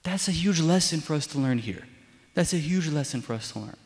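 A man's voice: fairly high pitch, animated, brisk, in a large hall. A man preaching a sermon as a deacon, telling stories conversationally and repeating his key lines. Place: church sanctuary.

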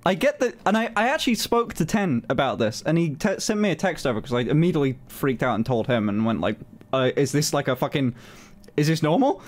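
A man telling a story on his stream in a casual, animated way, swearing often and filling his talk with "like". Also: a little high, brisk. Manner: animated, swears a lot, many fillers.

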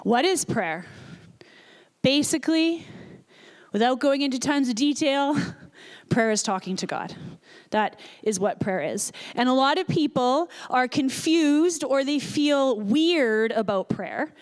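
A middle-aged woman pastor preaching a sermon, telling a story in an animated, earnest way. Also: sits high, slow pace.

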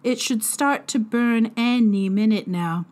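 A woman's voice: fairly high pitch, measured pace, darkish tone, lightly acted. A woman voicing a cold, smug twelve-year-old boy mastermind with precise, condescending speech.

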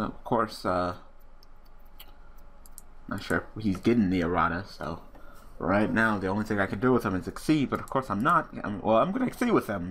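A man's voice: deep voice, noisy background. A young man hosting his own channel, giving casual commentary over a card game as he plays, muttering and swearing when things go wrong. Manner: swears a lot, frustrated muttering. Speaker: gaming channel host.

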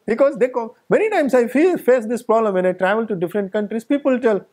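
Another satsang discourse comes from an Indian spiritual teacher who drives his points home emphatically with repetitive lists of phrases. He speaks a little fast in a high-pitched, very animated voice that's a little mellow.

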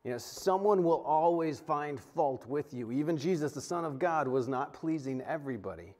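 Man, pastor, sermon, casual delivery, animated pitch, slightly high voice. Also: moderate pace. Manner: conversational, animated, frequent restarts and acted-out quotes.

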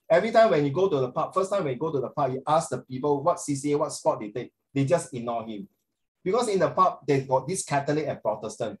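A middle-aged man with a Singaporean accent, tutoring a class online, animated and calling on students by name. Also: a little high. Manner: animated, code-switching, questions students by name.

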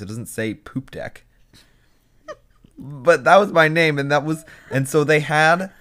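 A young man co-hosting a podcast, chatting casually and telling animated stories. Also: medium pitch. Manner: animated storyteller, quick bursts and impressions. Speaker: podcast co-host. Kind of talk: casual chat.

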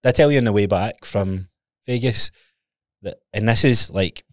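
Lower-pitched Scottish man telling stories. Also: moderate pace, no room sound, clean studio sound. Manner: swearing storyteller, chuckling often. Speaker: podcast co-host. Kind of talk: casual chat.

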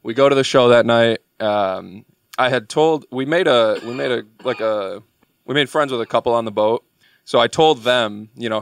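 A man's voice: mid-range voice, moderate pace, no room sound. Young male guest with a mid-range voice, a loose rambling storyteller who leans on filler words, recorded close and dry. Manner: rambling, filler-heavy delivery. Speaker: podcast guest. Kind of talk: casual storytelling.

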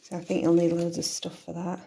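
A woman chats in a rambling, unscripted vlog from her home, breaking off mid-thought. Her low voice has a gravelly edge. The room gives it a noticeable echo. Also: monotone, fairly quick, mellow. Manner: rambling, thinks aloud, self-interrupting. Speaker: vlogger. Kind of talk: casual chatty vlog. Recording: echoey room.

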